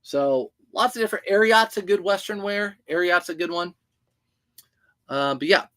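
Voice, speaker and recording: Hosting a laid-back livestream about reselling clothes, this high-voiced man chats loosely and responds to viewer comments as they arrive. His tone is sharp and his speed is normal.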